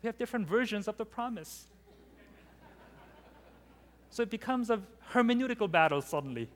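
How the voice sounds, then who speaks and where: A man preaching a sermon in an animated way, acting out the scripture he quotes. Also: high-pitched, fairly quick. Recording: long hall reverb.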